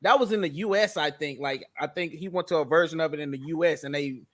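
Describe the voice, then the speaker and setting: A man's voice: a little high, quick pace, a bit bright. A man guest on a casual podcast chat, thinking aloud and hesitating as he talks.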